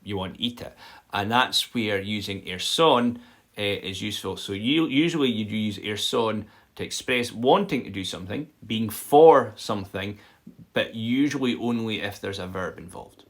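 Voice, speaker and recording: A man with a somewhat low voice teaches a loose, live-streamed language lesson. He talks in a chatty, explaining way and keeps checking in with his viewers. The sound comes from a simple home stream setup. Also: normal speed, fairly bright tone. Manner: chatty and explanatory, many "okay?" check-ins and filler "um"s. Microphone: phone or built-in mic.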